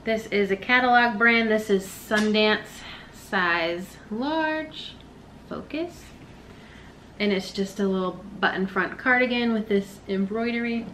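A woman vlogging a secondhand clothing haul in a casual, chatty way. Her voice is bright and forward, at a middle pitch. She hurries along with offhand asides, and a faint hum sits under her. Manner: quick, chatty, self-deprecating asides. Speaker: reseller vlogger. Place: living room, sitting on the floor.

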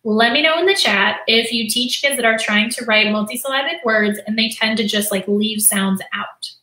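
A woman's voice: on the high side, moderate pace, bright, forceful tone, reverberant, rough recording. A young adult woman teacher explaining and modeling a lesson in a live stream, with frequent fillers and restarts. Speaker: teacher and literacy educator.

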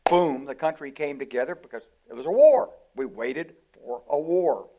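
Older American man, retired-general guest, lively storyteller who acts out quotes. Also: fairly high pitch, moderate pace, highs cut off, noisy background. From United States. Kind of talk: conversational interview.

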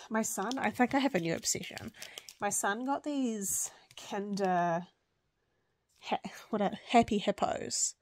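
A woman's voice: on the low side, no echo. A woman in her thirties chatting casually at home about books, rambling with lots of fillers and restarts. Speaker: book vlogger. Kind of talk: casual chat.

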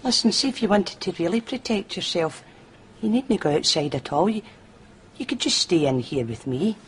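A woman's voice: on the low side, lively intonation, moderate pace, close to an everyday voice. A woman playing a clingy Scottish shopgirl. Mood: flirty. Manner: flirty, wheedling, needy. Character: lonely clingy female shop assistant. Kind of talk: television sketch comedy. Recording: studio audience laughter, background noise.

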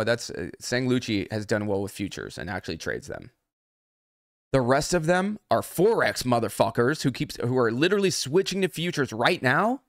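A trading mentor goes off in an angry, profanity-heavy rant during a livestream. He speaks at a medium pitch, and the sound is clean studio audio with no room sound.

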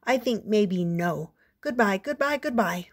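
A woman's voice: mid-range voice, expressive, measured pace, husky. Wary little girl, as a grandmother reads her. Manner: wary, then eager.

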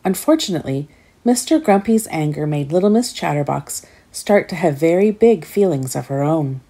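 Woman, children's story reader, mellow, husky, gentle, asks listeners questions. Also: sits low, lively intonation, normal speed. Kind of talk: reading a children's picture book aloud.

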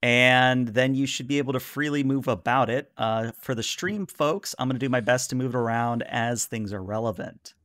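A man narrating a tabletop role-playing game as game master, relaxed and filling pauses with "uh". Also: medium pitch, dry recording. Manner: relaxed narration with many "uh" fillers.

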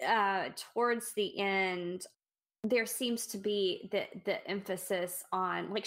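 A woman's voice: medium pitch, creaky, fairly bright tone. A woman co-hosting a podcast, discussing a short story in a reflective way and thinking aloud with restarts. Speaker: podcast co-host. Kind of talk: casual book discussion.

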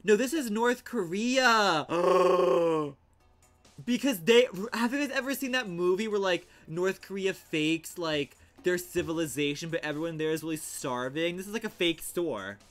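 Young male streamer, sassy and dramatic, bright voice, slow-paced chatter with sudden shouts. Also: high voice, soft background music. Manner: sassy, theatrical, swings to outraged shouts. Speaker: livestreamer. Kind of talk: casual gameplay commentary.

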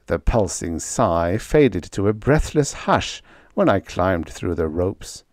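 Low-voiced wry male story narrator. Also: very animated, slow, darkish tone, no echo, studio quality. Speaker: audiobook narrator. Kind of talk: scripted first-person story narration.

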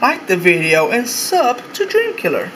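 High-voiced young man, profane rambling vlog. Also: wildly swooping pitch, normal speed, bright, forceful tone, roomy sound, slight background noise, low-quality recording. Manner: profane, rambling, repeats himself. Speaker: vlogger. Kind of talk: casual room-tour vlog. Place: his bedroom, indoors.

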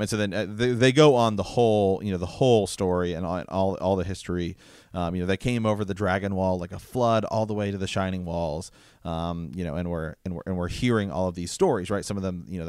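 A man with a very low voice talks through a fantasy book on a podcast, stopping and restarting as he reads passages aloud. The sound is dry and close, with no room echo. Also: a little mellow, clean tone. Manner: halting, many fillers and restarts while reading. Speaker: podcast co-host. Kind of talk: casual book discussion, reading passages aloud.

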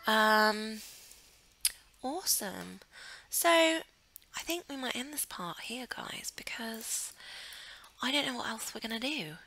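A woman's voice: fairly high pitch, lively intonation, measured pace, creaky, pushed and bright, poor audio. A woman chatting casually over a life-simulation game, cooing affectionately at her characters. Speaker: gaming channel host. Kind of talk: casual gameplay commentary.

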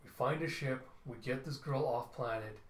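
A man voicing a tough, gruff woman boat captain, terse and exasperated, in a comic readthrough. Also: mid-range voice, normal speed, close to an everyday voice. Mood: weary. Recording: roomy echo.

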